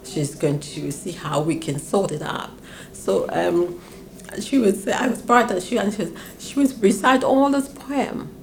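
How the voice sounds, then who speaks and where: A woman's voice: measured pace, vocal fry, slight background noise. An older woman from Grenada, telling stories about her past in an interview and acting out her parents' voices. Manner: animated, acts out her parents' voices with big pitch swings. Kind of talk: reminiscing storytelling.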